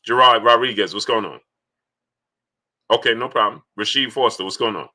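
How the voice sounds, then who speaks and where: Reading Super Chats on his laid-back sports livestream, this host welcomes viewers by name and says things more than once. He speaks at medium pitch and a moderate pace, pausing often, with a bright, forceful tone.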